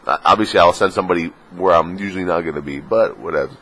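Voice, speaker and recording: A man with a very low voice chats through a casual vlog rant. He rambles with plenty of fillers and crude jokes, and he sounds a bit sniffly. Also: quick pace, a bit bright. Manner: crude, joking, full of fillers, slips into mocking put-on voices. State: sniffly, just woke up. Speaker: vlogger.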